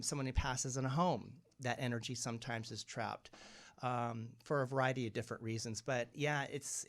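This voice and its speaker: A man with a medium-pitched voice tells stories in a relaxed interview. His delivery is animated, and he puts on the voices of people he quotes. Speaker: guest medium. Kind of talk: casual interview conversation.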